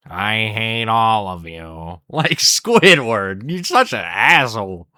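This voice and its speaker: Young male reviewer, bright dry voice, casual profane rambling commentary. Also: medium pitch, no echo. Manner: profane, rambling, laughing at jokes. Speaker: episode reviewer.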